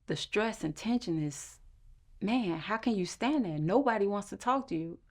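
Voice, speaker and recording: With lively intonation at a moderate pace, a woman tells a personal story and acts out the quoted voices of the people in it, shifting her pitch for each.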